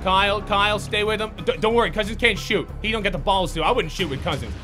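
A young man doing live commentary on a basketball video game, muttering to himself one moment and shouting curses the next. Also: high-pitched, fast talker, over music. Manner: swings from muttered self-coaching to shouted profane outbursts. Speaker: gaming YouTuber.

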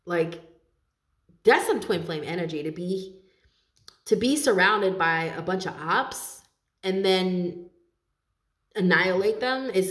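A woman with a fairly low voice talks through a tarot reading in a loose, chatty way, swearing freely and laughing often. The sound bounces around an echoey room. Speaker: tarot reader.

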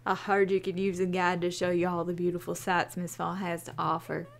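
A man's voice: sits high, completely flat delivery, brisk, creaky, pitched below the performer's own voice. A woman reading aloud the lines of a charming, flirtatious male park ranger guide in a horse-riding game. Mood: flirty.

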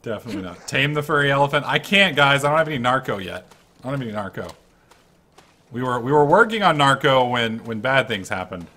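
A man giving casual commentary over his own gameplay, excitable and swearing freely. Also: medium pitch, brisk. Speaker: let's-play gamer.

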